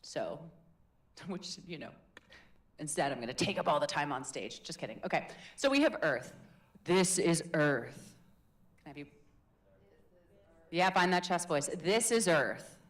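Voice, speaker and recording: Woman, speaking coach, lively and playful, workshop room. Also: low-pitched, moderate pace, pauses often. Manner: energetic, playful, demonstrating voices. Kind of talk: live voice workshop.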